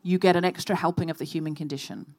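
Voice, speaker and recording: A woman hosting a live comedy podcast, telling animated stories and acting out shouted quotes. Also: low voice, quick pace. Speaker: podcast host. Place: live stage before an audience.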